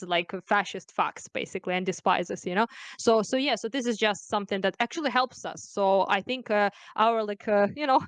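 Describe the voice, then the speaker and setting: A woman's voice: mid-range voice, smooth, dry recording. A young woman from Ukraine, a guest in a casual conversation, chatty and full of fillers, laughing often.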